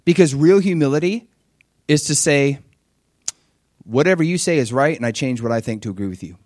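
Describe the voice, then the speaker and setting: A man preaching a sermon in an animated way, acting out dialogue with sudden high-pitched exclamations. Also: a little fast, no echo, clean studio sound.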